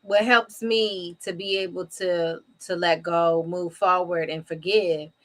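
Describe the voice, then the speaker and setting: A woman's voice: on the low side, steady tone, slow. A woman in her fifties co-hosting a faith talk show, sharing her testimony and encouraging listeners. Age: 50s. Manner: warm testimony, preachy encouragement. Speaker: co-host. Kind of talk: faith-based casual talk.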